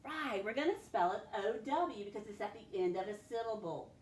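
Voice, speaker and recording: A woman's voice: medium pitch, animated. A woman teacher leading a phonics spelling lesson for children, sounding out each word patiently. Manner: slow, patient, sounds words out. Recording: echoey room, faint background noise.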